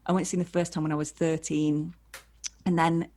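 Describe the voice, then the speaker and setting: Woman, comedian guest, animated storyteller, slightly low voice, video call. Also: a little fast. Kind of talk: casual anecdote telling.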